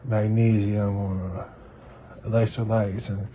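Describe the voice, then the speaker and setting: Slow, deep-voiced man with dark tone. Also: level tone, slight background noise. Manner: casual, complaining, slow and halting. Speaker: patient. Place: hospital room.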